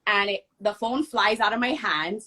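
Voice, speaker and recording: Bright, emphatic woman telling a story. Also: mid-range voice, normal speed. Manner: emphatic, acts out others' lines in the story. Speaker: guest telling a personal story. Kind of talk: animated conversational storytelling.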